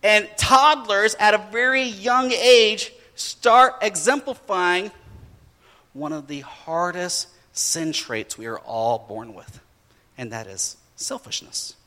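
A man preaching a sermon, telling a family story in an animated way and acting out his children's voices. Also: high-pitched, slow pace, big-room sound. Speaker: pastor.

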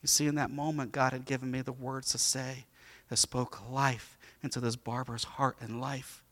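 Impassioned male preacher, bright voice. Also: medium pitch, level tone, moderate pace. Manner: swings from quiet storytelling to loud impassioned preaching. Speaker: pastor. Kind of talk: sermon.

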